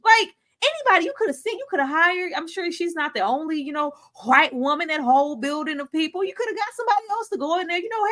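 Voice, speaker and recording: A woman's voice: very high-pitched, big pitch swings, quick pace, few pauses, a bit bright. A woman on a video call giving blunt, wisecracking commentary on a TV episode in casual slang. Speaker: panelist on a live TV breakdown stream.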